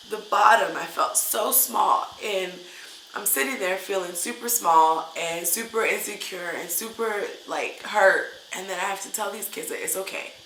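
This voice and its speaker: A woman's voice: medium pitch, pushed and bright, slight background noise. A woman teacher venting in a casual vlog, upset and full of hesitant fillers. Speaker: English teacher. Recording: roomy echo.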